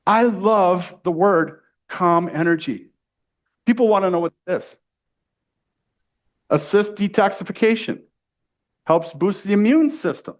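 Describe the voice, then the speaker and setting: A middle-aged man from the United States is running a sales training in front of a live room. His voice sits a little high. He talks with pushy, energetic salesmanship and keeps checking in with his listeners. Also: a little slow, long pauses.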